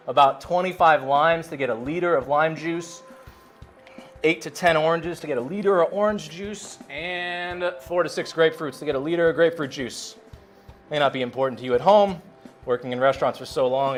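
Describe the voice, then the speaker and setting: A man who works as a bartender, talking casually and chattily while he makes a cocktail. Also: on the high side. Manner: laid-back, chatty, says "man" a lot. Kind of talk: casual cocktail-making demo.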